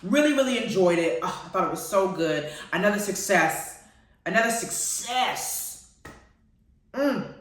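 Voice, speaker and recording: A woman hosting a radio show, chatting casually about TV shows in a playful, animated way and laughing often. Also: lowish voice, moderate pace. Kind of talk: casual chat reviewing TV shows. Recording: very echoey, far from the mic.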